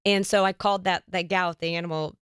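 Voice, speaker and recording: A woman hosting an interview podcast, telling stories in a lively, animated way and acting out the voices of the people she quotes. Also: on the low side, fast talker, smooth, dry recording, clean studio sound. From United States. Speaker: podcast host. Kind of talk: casual interview chat.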